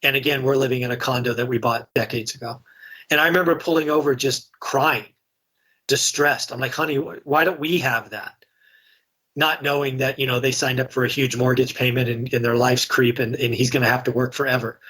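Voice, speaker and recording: Man, middle-aged, husky, candid storytelling, podcast guest. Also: medium pitch, flat delivery, brisk, a bit bright. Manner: candid, conversational, many restarts. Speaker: real estate investor and guest. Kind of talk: casual podcast interview storytelling.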